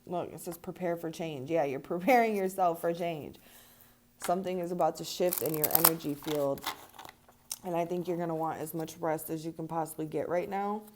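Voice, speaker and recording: A woman's voice: sits low, normal speed, a little mellow, a little hiss or hum. A young woman giving a casual tarot and angel card reading to her viewers, chatty and laughing often, swearing now and then. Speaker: tarot reader.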